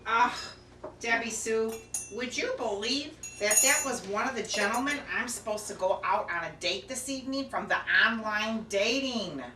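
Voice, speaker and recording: A woman's voice: a little high, normal speed, pushed and bright, a little hiss or hum. Woman acting a fed-up widowed granny. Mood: exasperated. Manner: sighing, groaning, exasperated storyteller. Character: widowed elderly mother, fussy and exasperated. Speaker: comic character. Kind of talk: comedy sketch acting. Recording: echoey room, mic far off.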